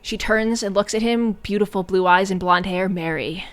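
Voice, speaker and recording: A woman's voice: mid-range voice, normal speed. A woman streamer giving a casual, sarcastic and profane recap of a film, often breaking into giggles.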